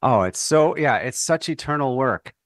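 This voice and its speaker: A man's voice: mid-range voice, lively intonation, normal speed, no echo. A man speaking as an author guest in a faith radio interview, earnest and thoughtful, sometimes restarting his phrases.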